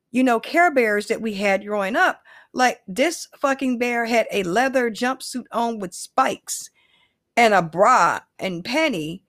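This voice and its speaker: A woman with a fairly high voice talks at an unhurried, drawn-out pace, wandering through her opinions with plenty of swearing and side remarks. The sound is close and dry, with no room around it. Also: a bit bright, dry recording. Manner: rambling, profane, full of asides. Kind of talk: casual opinion commentary.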